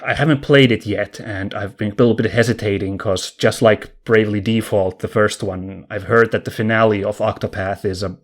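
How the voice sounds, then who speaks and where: A man's voice: on the low side, steady tone, a little fast, few pauses. A man co-hosting a casual podcast, chatting enthusiastically and thinking aloud as he talks. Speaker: podcast co-host. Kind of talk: casual podcast chat about video games.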